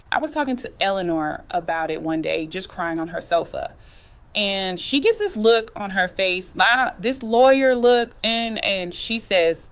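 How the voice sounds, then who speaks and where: A woman's voice: mid-range voice, animated, unhurried. A woman telling a personal family story in a casual, conversational way, with slang like "chile" and "girl" and a dialect flavor. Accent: African American English.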